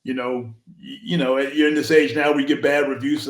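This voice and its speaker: A man's voice: medium pitch, little pitch movement, fast talker, hardly any pauses, roomy sound. A man who owns a veterinary practice, giving frank, blunt answers in an interview, with frequent restarts.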